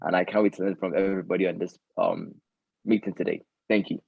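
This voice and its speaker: A man's voice: low-pitched, fairly even intonation, fast, vocal fry, husky, dry recording. A student man introducing his team over a video call, polite and a little hesitant. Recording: dull, dry, lo-fi call audio.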